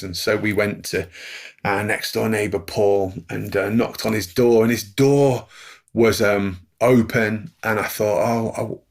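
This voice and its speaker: A man's voice: lowish voice, steady tone, measured pace, gravelly. A middle-aged man, telling a story as a podcast guest and chuckling through it while acting out the voices of the people in it. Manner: chuckles through anecdotes, acts out quoted voices. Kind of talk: storytelling in conversation.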